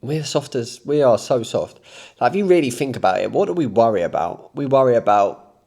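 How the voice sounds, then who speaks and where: A man's voice: mid-range voice, big pitch swings, a little fast, vocal fry, a little mellow. A man, a coach giving a blunt, rambling, impassioned motivational talk, unscripted. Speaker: self-improvement coach.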